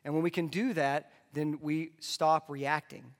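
A man delivering a conversational sermon as a pastor, dropping into soft asides. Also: fairly high pitch, flat delivery, unhurried. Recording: long hall reverb.

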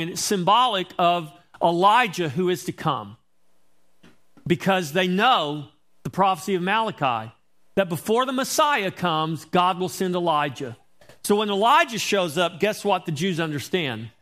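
A man with a somewhat high voice preaches a sermon as a pastor. He reads scripture aloud and explains it with emphasis, often putting rhetorical questions to his listeners. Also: a bit bright.

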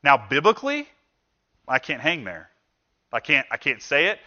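A man delivers a sermon in a relaxed, conversational way, slipping into quoted voices to make his points. His voice is bright and forward. The recording sounds a bit dull and lo-fi. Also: fairly high pitch, normal speed. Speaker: pastor.

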